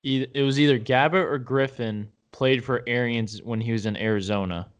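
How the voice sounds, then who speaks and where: A man's voice: medium pitch, steady tone, normal speed. Hesitant man rambling about sports. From Tampa Bay area, United States. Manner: rambling, hesitant, many fillers and restarts. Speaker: podcast co-host. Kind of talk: casual sports chat.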